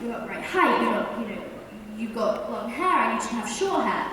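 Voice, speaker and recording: A woman's voice: fairly high pitch, animated, moderate pace, a bit bright. A young woman, an actor on a fan panel, chatting in a bubbly, giggly way. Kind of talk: casual panel Q&A. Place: large convention hall. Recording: echoey hall from far off, noisy.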